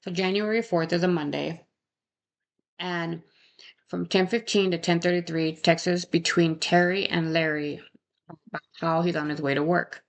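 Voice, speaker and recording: A woman recounts a true crime case in a loose, chatty way, pausing to ask "right?" and adding indignant comments. Her voice sits low and has a gravelly fry running through it. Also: fairly even intonation. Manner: conversational, frequent "right?" tags, indignant asides. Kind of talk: casual true crime narration.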